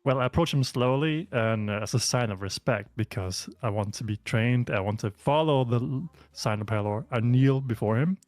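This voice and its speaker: A man's voice: mid-range voice, normal speed, few pauses, a little mellow, no room sound. A man talking casually as a player in a tabletop game.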